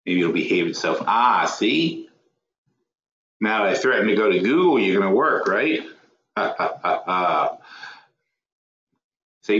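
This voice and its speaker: Guy running a trading webinar, lowish voice, talks to himself a lot, echoey dull audio. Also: expressive, slow, long pauses. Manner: mutters to himself and scolds his software; rambling, self-correcting. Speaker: webinar host. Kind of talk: live trading webinar, thinking aloud.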